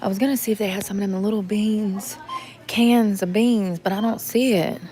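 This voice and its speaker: A woman with a drawl talks straight to her viewers in a loose, rambling vlog. Her pitch sits in an ordinary middle range, and she drifts between blunt remarks and low mutters to herself. She is recording inside a store, with a faint hum of background noise. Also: steady tone, brisk, mellow. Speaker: vlogger. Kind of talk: casual vlog talking to viewers.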